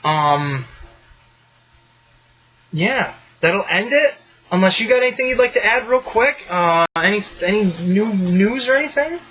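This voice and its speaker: A man's voice: high-pitched, unhurried, highs cut off. A man hosting a podcast in casual chat, loose and profane, ranting with energy. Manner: loose, profane, animated rants. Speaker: podcast host.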